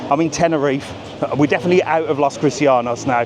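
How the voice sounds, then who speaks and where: A man's voice: on the high side, fast, background noise. A British man walking along a busy seafront strip at night, filming a live travel vlog on a small handheld camera, chatting and cracking cheeky jokes with light swearing. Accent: British English. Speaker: travel vlogger. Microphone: small camera carried while walking. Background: street music.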